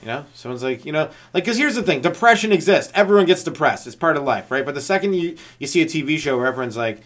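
A man hosting a solo comedy podcast, riffing in a rambling, profane rant that chases tangent after tangent and slips into quick voices of other people. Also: on the high side, expressive, fairly bright tone. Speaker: stand-up comedian and podcast host.

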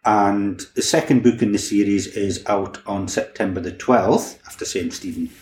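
A man's voice: on the low side, moderate pace, a little mellow. A man, a crime novelist, chatting easily in a podcast interview and often restarting his words. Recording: roomy echo, faint background ambience.

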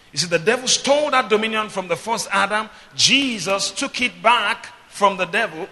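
A man preaching in a high, piercing, brilliant voice. He swings between booming declarations and calm teaching, calling the congregation to answer back. The sound rings with the long reverb of a church hall. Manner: preaching with call-and-response, swinging from loud declarations to quiet explanation. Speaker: pastor. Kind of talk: sermon.

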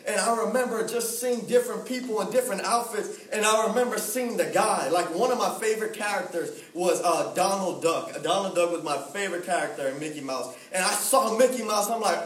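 A young man preaching in a lively, slangy storytelling style, acting out the voices of the people in his story. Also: sits high, brisk. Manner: animated, slangy, acts out voices. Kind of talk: storytelling sermon. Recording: echoey room, mic at a distance.

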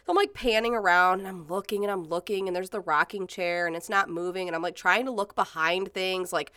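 A woman's voice: fairly low pitch, fairly quick, few pauses, pushed and bright, no room sound, clean studio sound. A woman in her thirties telling stories in casual chat, rambling with many fillers and swearing freely. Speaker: podcast co-host.

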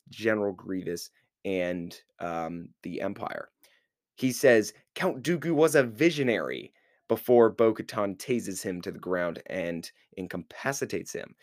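Low-voiced rambling podcast host. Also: male voice, no echo, clean studio sound. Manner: rambling, heavy on filler words. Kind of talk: casual episode recap.

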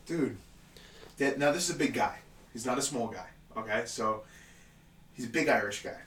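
A man tells a story in casual chat, animated, swearing often and laughing a lot. His medium-pitched voice runs at normal speed, recorded from a distance and somewhat off-mic, with roomy echo and faint room noise.

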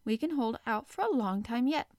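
A woman voicing a calm, deferential Flemish manservant who speaks quietly in a storybook reading. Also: on the high side, moderate pace, dry recording, clean studio sound, lightly acted.

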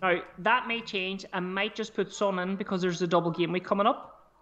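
A man's voice: high voice, steady tone, normal speed, a bit bright, highs cut off. A man co-hosting a casual podcast chat, swearing freely as he talks through his squad choices aloud. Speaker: podcast co-host. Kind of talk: casual fantasy football chat.

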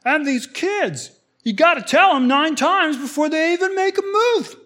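A man voicing a grumbling adult who complains with exasperation about home life, in a pitched-up voice. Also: lively intonation, measured pace, sharp tone, exaggerated voice. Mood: griping. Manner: exasperated griping.

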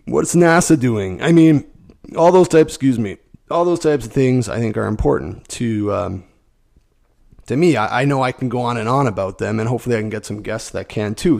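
Hoarse middle-aged guy hosting a podcast, croaky and rough, just rambling along. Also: medium pitch, a little mellow. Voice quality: rough, gravelly. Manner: rambling, stream of consciousness. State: hoarse from a cold. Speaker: podcast host. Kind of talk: casual solo podcast chat.

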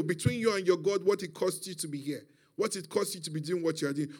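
Brief: male preacher, high voice, emphatic call-and-response sermon.

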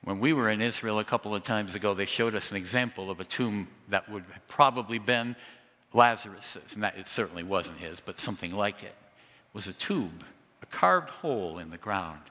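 A man preaching a sermon through a sound system, telling the story dramatically with lively asides. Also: on the low side, moderate pace, long reverb tail. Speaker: pastor. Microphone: amplified through a sound system.

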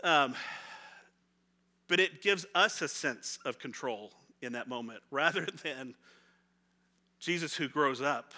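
Bright-voiced pastor preaching conversationally. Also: male voice, mid-range voice, takes it slowly, long pauses. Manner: conversational, animated, acts out voices of people in the story; laughs often, repeats words when restarting. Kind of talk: sermon.

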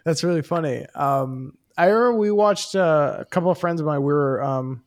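A man's voice: on the high side, moderate pace. A man co-hosting a podcast, chatting casually and giving brief agreeing replies. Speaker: podcast co-host. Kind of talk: casual chat.

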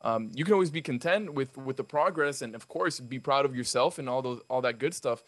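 A man's voice: mid-range voice, brisk. A man on a podcast, talking earnestly and giving advice. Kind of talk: casual podcast chat.

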